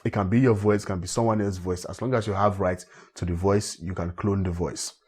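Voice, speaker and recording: A man from Africa walking viewers step by step through a software tutorial, often repeating himself. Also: sits low, brisk, husky. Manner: steady step-by-step walkthrough, repeats phrases. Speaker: tech tutorial host. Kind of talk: screen-recorded software tutorial.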